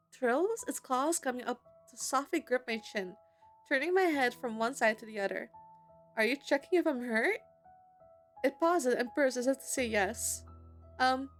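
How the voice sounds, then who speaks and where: A woman streamer reading a dating-sim story aloud in an expressive, giggly way, breaking into excited squeals between lines. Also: high-pitched. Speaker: gaming streamer. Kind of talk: reading a visual novel aloud.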